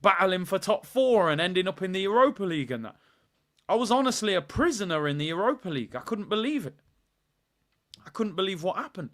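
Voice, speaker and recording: A young man, hosting a live football watchalong and chatting in a rambling, playful way. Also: a little fast. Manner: animated, rambling, playful, bursts into high shouts. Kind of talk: casual live-stream chat.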